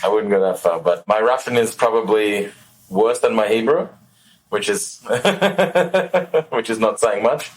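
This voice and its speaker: A man's voice: on the low side, measured pace, low-quality recording. A man with an Australian accent hosting a podcast, bantering and laughing often. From Australia, also New Zealand and Los Angeles. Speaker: podcast host. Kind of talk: casual interview chat.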